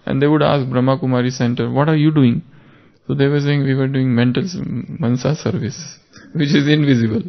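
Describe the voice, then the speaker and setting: A man delivers a spiritual class in a gravelly voice, unhurried and fond of stories. He leans on repeated key words to drive points home. The recording sounds dull and lo-fi. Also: mid-range voice, fairly even intonation. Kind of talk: spiritual talk.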